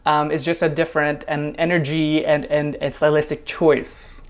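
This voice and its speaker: A man hosting a casual dance reaction video, chatty, laughing often and filling pauses with ums. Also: a little high, little pitch movement.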